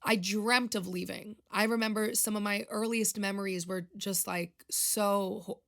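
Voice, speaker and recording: Gravelly-voiced young New woman. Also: medium pitch, steady tone, normal speed, a bit bright. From Long Island, New York. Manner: confessional, rambling, emotional. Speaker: podcast host. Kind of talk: casual solo podcast chat.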